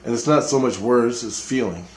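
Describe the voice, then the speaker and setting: A man's voice: medium pitch, normal speed, a little hiss or hum. Man, mid-range voice, casual monologue, intense and foul-mouthed, roomy echoey sound. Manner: profane, intense, repetitive storytelling. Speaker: storyteller recounting an experience.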